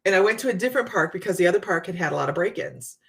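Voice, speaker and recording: A woman psychic medium hosting a casual live chat, telling stories to her viewers in a chatty, animated way. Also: lowish voice, very fast, gravelly. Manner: chatty storytelling, Southern US "y'all".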